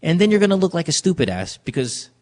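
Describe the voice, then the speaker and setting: A man hosting a radio advice show, talking bluntly and profanely in animated stories. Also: fairly high pitch, fast talker. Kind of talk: casual radio talk.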